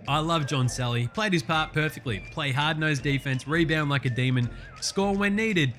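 An Australian man hosting a casual sports chat, excitable and full of profane, matey banter. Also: on the high side, moderate pace, faint music behind. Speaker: sports show host.

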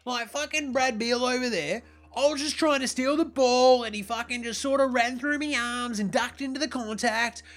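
A man playing a foul-mouthed Aussie baller with a very high voice. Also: moderate pace, few pauses, fairly bright tone. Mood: defensive rant. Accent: Australian. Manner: foul-mouthed, rambling, defensive. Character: brash crude young Australian male basketball player. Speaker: comedy character. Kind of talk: comedic monologue.

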